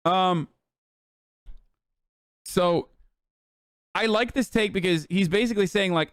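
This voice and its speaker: A male streamer talks in casual livestream commentary. His voice sits fairly high and dry, and he swears freely with a sarcastic, animated edge. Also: moderate pace, no room sound.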